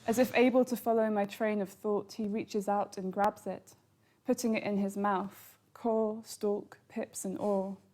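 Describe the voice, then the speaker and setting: A woman, the author, reading aloud from her novel at a bookshop event in a calm, even voice. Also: mid-range voice, unhurried. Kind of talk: literary reading.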